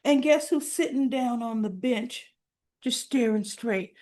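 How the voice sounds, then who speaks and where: A woman with a fairly high voice recaps soap scenes at an unhurried, drawn-out pace. She gets animated, acts out the characters' lines and talks back to them as if they could hear her. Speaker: soap opera reviewer. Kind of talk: casual recap commentary.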